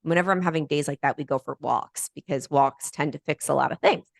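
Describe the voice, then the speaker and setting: A woman guest on a podcast telling a personal story in a lively, animated way. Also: low voice, a little fast, creaky, dry recording, studio quality. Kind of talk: storytelling in conversation.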